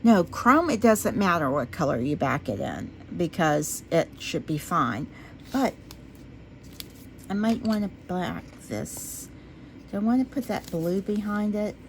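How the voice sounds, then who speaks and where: A woman chatting casually to her viewers as she works on a craft project. She talks to herself while she works and drifts into low, quiet talk when she concentrates. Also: big pitch swings, a little slow, gravelly, a little hiss or hum. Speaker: resin craft vlogger.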